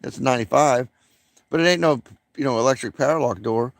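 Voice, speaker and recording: A man's voice: medium pitch, fast talker, creaky, dry recording. A man rambling profanely during a late-night livestream, with many fillers, smoking and coughing.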